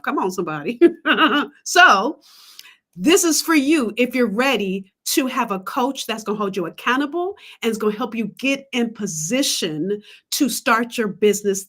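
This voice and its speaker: A woman business coach pitching her coaching program on a livestream, emphatic and preacherly, calling out to the audience. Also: a bit bright. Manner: emphatic, testifying, calls out to the audience.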